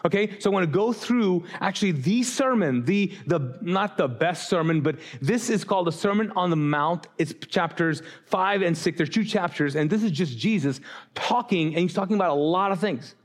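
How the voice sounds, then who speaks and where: A man's voice: sits high, lively intonation, normal speed. Joking, casual pastor, a man preaching. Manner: casual, joking, talks back and forth with the congregation. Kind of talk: sermon. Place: church auditorium before a congregation.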